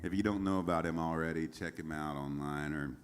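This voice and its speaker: Man, extremely low voice, singer-songwriter, rambling onstage storytelling, halting and chuckling. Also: steady tone. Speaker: singer-songwriter telling stories between songs. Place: small concert venue stage.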